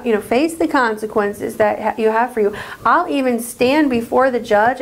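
A woman voicing a kindly grown man who earnestly reassures someone in a children's story, with halting restarts. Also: a little high.

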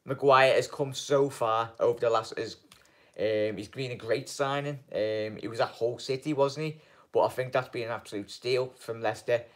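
A man hosting a fan channel live stream, chatting casually and rambling through viewers' comments with lots of ums and "mate". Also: lowish voice. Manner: rambling and halting, many ums, keeps calling viewers mate.

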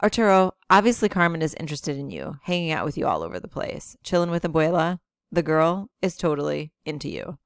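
A woman reading aloud and voicing an excitable teenage boy who talks in brash, hyped-up slang. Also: deep voice, brisk, no room sound, clean studio sound. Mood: insistent. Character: excitable teen boy, loud, show-off joker.

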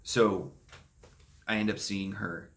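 A young man speaks in a low, gravelly voice. He tells a painful personal story for his vlog, soft-spoken and halting, pausing and starting over as the feelings catch up with him. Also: steady tone. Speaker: vlogger.

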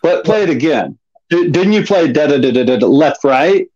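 A man's voice: a little high, lively intonation, moderate pace, darkish tone, breathy edge, muffled recording. A man in a casual chat asking a teacher to clarify a pattern, repeating himself as he works it out. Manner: checks understanding, repeats himself.

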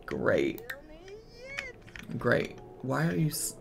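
A man's voice: mid-range voice, slow, creaky, long pauses. A man giving casual let's-play commentary as a gaming streamer, exasperated and bossing his game characters around.

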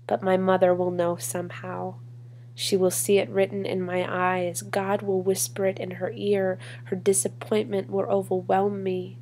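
A woman performing a spoken word poem in a measured, deliberate way with long pauses. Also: medium pitch, completely flat delivery, darkish tone, a little hiss or hum. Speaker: poetry reader. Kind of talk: spoken word poetry reading.

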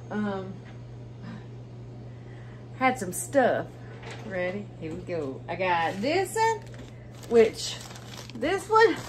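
Bubbly woman, high voice. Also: fairly bright tone, a little hiss or hum. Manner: bubbly, gushing, talks straight to viewers as "y'all". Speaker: vlogger. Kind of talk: casual haul vlog. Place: at home, indoors.

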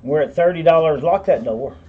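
A man's voice: on the high side, a little fast, phone-quality sound, a little hiss or hum. A man hosting a live online auction, calling bids over and over with folksy asides. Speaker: auctioneer and host.

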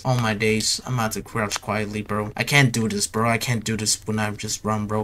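A man's voice: lowish voice, normal speed, few pauses, bright, forceful tone, a little hiss or hum. A young man giving casual horror game commentary, nervous and jittery, repeating himself and tacking "bro" onto his lines. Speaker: gaming YouTuber.

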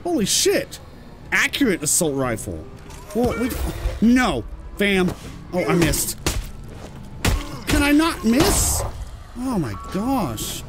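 A British man giving excitable let's-play commentary and swearing when surprised. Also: high voice, slow, pauses often, music in the background. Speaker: gameplay commentator.

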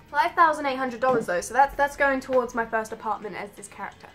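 A woman gamer giving live commentary on her own play, excitable and swearing at rival players. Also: high-pitched, normal speed, faint music behind.

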